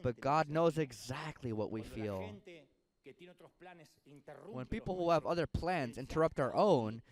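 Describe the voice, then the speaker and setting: A man preaching a sermon in an animated, playful way, slipping into comic impressions. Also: mid-range voice, a little slow.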